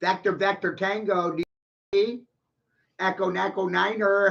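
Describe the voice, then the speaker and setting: A man in a rambling, profane, boastful monologue, ranting with bursts of loud laughter, on a dull lo-fi recording. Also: fairly high pitch, animated, a little slow, creaky. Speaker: vlogger.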